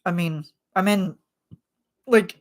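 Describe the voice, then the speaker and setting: A woman's voice: fairly low pitch, slow pace, darkish tone. A woman hosting a casual chat vlog, rambling with lots of filler words and frequent laughs. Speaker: channel host.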